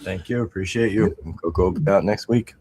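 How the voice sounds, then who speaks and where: A man's voice: sits low, brisk, darkish tone, breathy edge. A man appearing as a reptile breeder guest on a podcast, giving short, easygoing answers. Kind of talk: casual podcast interview.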